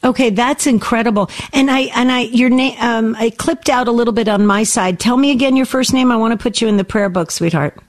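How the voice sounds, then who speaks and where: A woman's voice: a little high, fairly quick, hardly any pauses. A woman hosting a call-in show, affectionate and encouraging with her callers. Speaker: radio host. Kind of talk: call-in radio talk.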